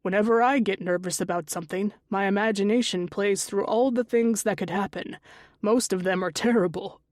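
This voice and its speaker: A woman voicing a middle-aged stepfather who talks softly but lectures firmly. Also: high-pitched, steady tone, normal speed, dry recording, studio quality, lightly acted. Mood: reassuring. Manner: soft-spoken, with a firm, lecturing edge.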